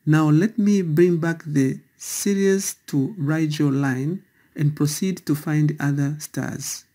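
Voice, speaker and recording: A man's voice: a little high, steady tone, takes it slowly, dark tone. A man narrating a scripted voice-over for a stargazing guide, careful and instructional.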